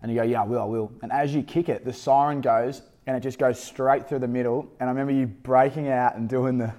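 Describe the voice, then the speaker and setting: A man's voice: mid-range voice, steady tone, quick pace, warm tone. An Australian man, a former footballer, who hosts a podcast and interviews his old teammate in a chatty, matey way. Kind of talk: casual interview chat.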